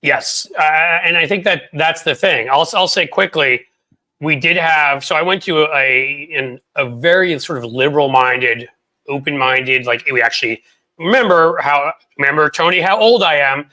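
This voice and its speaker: A man in his forties hosts a casual political talk show. His voice is a little high and sharply bright. He talks bluntly, rambles, and swears without apology. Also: moderate pace. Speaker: host.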